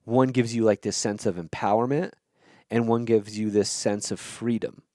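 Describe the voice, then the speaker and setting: A man's voice: fairly low pitch, fairly even intonation, normal speed, mellow, no echo, clean studio sound. A man hosting a podcast, talking through ideas in a casual, blunt way, swearing freely and checking in with "okay?" and "right?". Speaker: podcast host. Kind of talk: casual explanatory monologue.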